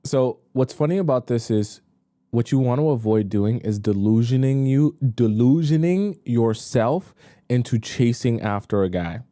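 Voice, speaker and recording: A man's voice: mid-range voice, lively intonation, unhurried, mellow. A young man, a dating coach, giving blunt commentary on a livestream. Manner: blunt, talks straight to women viewers.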